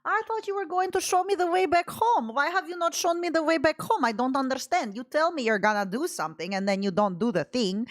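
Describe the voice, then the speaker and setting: A woman's voice: high-pitched, a little fast, few pauses, pitched above the performer's own voice, lightly acted. A woman jokingly mimicking a lost ghost woman, theatrical and over the top. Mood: mock threatening. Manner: exaggerated, theatrical, mocking. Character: mock lost ghost woman with heavy accent.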